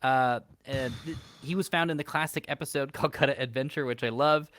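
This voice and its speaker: A man's voice: mid-range voice, brisk, a bit bright, no echo. A young man from the United States co-hosting a comedy podcast, running through facts upbeat with fillers and dry jokes. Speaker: podcast co-host. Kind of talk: casual comedy podcast chat.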